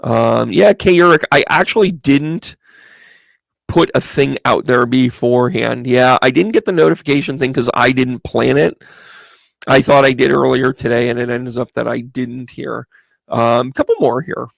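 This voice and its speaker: A man's voice: medium pitch, moderate pace, creaky, dry recording. A man giving live-stream tarot readings as a psychic medium, chatting casually and greeting viewers by name as he thinks aloud over each card.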